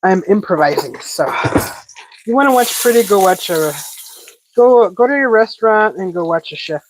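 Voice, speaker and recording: A woman hosting a casual cooking livestream, chatting while she cooks, breathing a little heavily and breaking into excited squeals. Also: normal speed, a little hiss or hum, rough recording. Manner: chatty, improvising, bursts into excited high squeals greeting chat.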